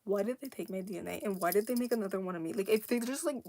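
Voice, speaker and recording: A jealous young man fumes and rants at his twin in a raised, rather high voice, put on by a woman telling her character lore. He sounds huffy and bitter, with a sharp edge. Someone is clearly doing a voice. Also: steady tone, slow pace, exaggerated voice. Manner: ranting, huffy.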